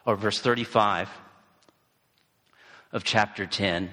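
A man's voice: fairly low pitch, steady tone, slow pace, sharp tone. A man giving a sermon in a church hall, speaking emphatically and repeating key phrases.

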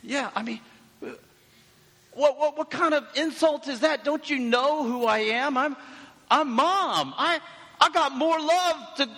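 A man's voice: very high-pitched, measured pace, sharp tone, in a large hall, voice pushed up, exaggerated voice. A man voicing an indignant, offended mother in a sermon skit. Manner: offended, exclaiming. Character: indignant proud mother, middle-aged woman.

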